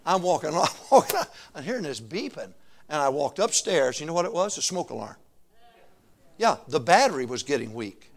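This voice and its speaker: A middle-aged man preaching with a lively, swooping delivery and a slightly higher voice than most men. He laughs often through his stories and pulls answers out of the congregation. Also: normal speed, vocal fry. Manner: animated, calls for answers from the congregation. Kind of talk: sermon.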